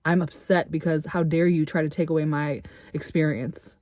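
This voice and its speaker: Fired-up woman ranting, low dry voice. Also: flat delivery, normal speed, no echo. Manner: heated, swearing, rising to loud outbursts; rhetorical questions, sarcastic. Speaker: vlogger. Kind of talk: angry personal rant to camera. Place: RV interior.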